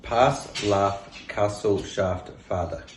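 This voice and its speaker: A man with a New Zealand accent, a cafe owner, slowly reading example words aloud one by one to show his pronunciation. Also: fairly low pitch, echoey room, a little hiss or hum. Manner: slow, deliberate word-by-word reading.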